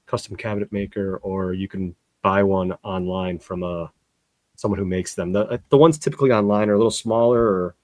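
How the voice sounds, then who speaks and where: Co-host, male, low voice, dry close sound, plain and methodical with frequent fillers. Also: a little mellow, no room sound. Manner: lays out a schedule step by step, with many fillers. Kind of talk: casual live-stream chat.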